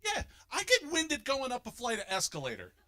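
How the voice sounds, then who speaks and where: A fifty-something man works a stand-up set, his voice swinging widely up and down. His tone is bright and forceful, and he leaps into loud, overblown voices to sell the jokes. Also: very high voice, brisk. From Philadelphia, United States. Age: 50s. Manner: animated, jumps into loud exaggerated voices for punchlines. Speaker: stand-up comedian.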